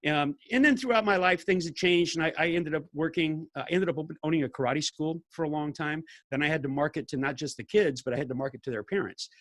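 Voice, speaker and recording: An older man, a podcast guest telling stories in an animated way, laughing and acting out what people said. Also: fairly high pitch, fast, few pauses, no echo. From California. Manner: animated storyteller, laughs often, acts out quotes. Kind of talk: casual storytelling interview.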